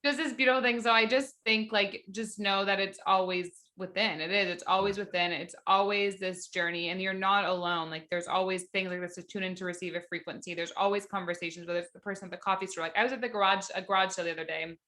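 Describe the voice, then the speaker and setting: Bright, fast-talking woman host. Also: medium pitch, steady tone. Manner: enthusiastic, swears freely, fills speech with "like". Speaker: podcast host. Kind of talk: casual conversation.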